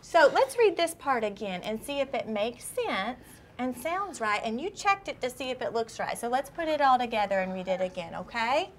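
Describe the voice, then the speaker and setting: A woman teaching a kindergarten class to read, her fairly high voice patient and full of questions. She stretches words out slowly for the children. The classroom recording carries clear background noise. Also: sing-song. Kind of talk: classroom shared reading lesson.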